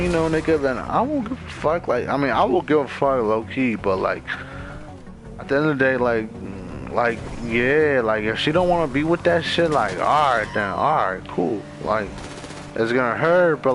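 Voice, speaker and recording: A man's voice: medium pitch, rough recording. A young man from Maryland, a gamer on voice chat, rambling and venting in a casual, profane way full of "like" fillers, talking from his bedroom over a headset. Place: bedroom at home.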